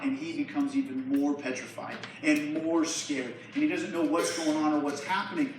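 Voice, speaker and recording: A young man preaches to a youth group and retells a Bible story casually. His voice sits a little high. It booms around a large echoey hall, picked up from far off, with faint room noise behind it. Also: expressive, normal speed, few pauses. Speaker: youth pastor. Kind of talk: sermon. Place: church hall.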